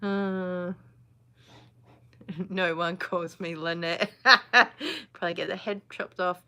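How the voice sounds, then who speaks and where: Woman in her forties, casual live chat host, bright clear tone, blunt and chatty. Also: fairly low pitch, level tone, slow. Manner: chatty, laughs often, blunt.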